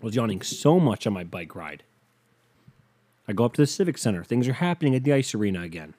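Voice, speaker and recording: Ranting, profane man with a dark voice. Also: mid-range voice, very animated, fast talker. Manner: ranting, profane, acts out quoted people. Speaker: comedic vlogger. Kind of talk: casual comedic rant to camera.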